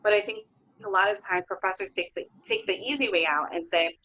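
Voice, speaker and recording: Chatty female interview guest, medium pitch, muffled lo-fi line. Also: fairly quick, bright, forceful tone. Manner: chatty, many fillers. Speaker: guest, theatre producer. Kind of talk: casual interview chat.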